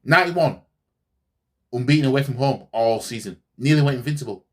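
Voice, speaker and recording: A man's voice: mid-range voice, a little fast. A man hosting a fan channel, ranting sarcastically in a heated football reaction, repeating himself as he goes.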